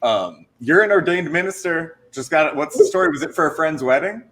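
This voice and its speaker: A man's voice: fairly high pitch, lively intonation, a little fast, noisy background. Jokey man asking rambling questions. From Minnesota. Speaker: podcast co-host. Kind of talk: casual interview chat.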